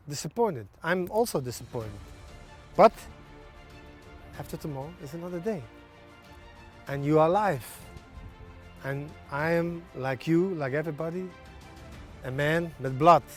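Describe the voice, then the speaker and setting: A national team's head coach, a man whose voice is a little high, answers a TV sports interview in halting English, which isn't his first language, with many pauses and fillers.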